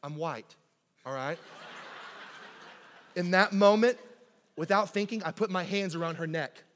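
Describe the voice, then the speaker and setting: A man preaching a sermon in a church, telling stories in a lively, conversational way and often asking "right?". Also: high-pitched, a little slow. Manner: animated conversational storytelling, keeps asking "right?". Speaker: pastor. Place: church sanctuary. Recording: long hall reverb in a church.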